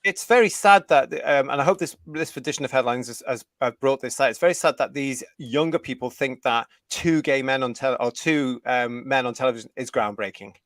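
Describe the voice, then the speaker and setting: A man's voice: medium pitch, fairly bright tone, dry recording. Blunt British man co-hosting a fan show. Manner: blunt, opinionated, halting with restarts. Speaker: co-host. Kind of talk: casual chat, reading articles aloud.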